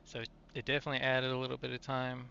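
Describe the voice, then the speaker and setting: A man giving laid-back, joking commentary while driving in a trucking game, thinking out loud as he goes. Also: mid-range voice, completely flat delivery, fast talker, vocal fry, slight background noise. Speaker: game streamer. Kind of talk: casual gameplay commentary. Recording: dull lo-fi mic sound.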